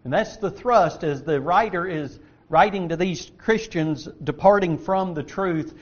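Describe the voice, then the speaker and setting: A man preaching a sermon, stressing key words loudly and dropping to quiet asides. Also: high voice, unhurried, dull audio. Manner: emphatic, swings between loud stress and quiet asides.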